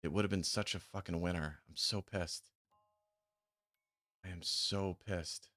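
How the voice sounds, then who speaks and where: A man's voice: low-pitched, steady tone, unhurried, bright, forceful tone, dry recording, studio quality. A man chatting casually on a live stream while playing a game and checking options trades, muttering and swearing when annoyed. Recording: faint music behind. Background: faint music.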